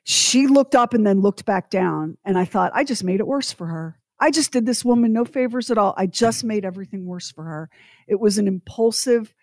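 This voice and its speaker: A woman tells a personal story, animated and emphatic, and her voice swells into loud indignation at the high points. The recording is dry and close, with no room sound. Her pitch sits in the middle. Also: moderate pace, dry recording. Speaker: guest storyteller.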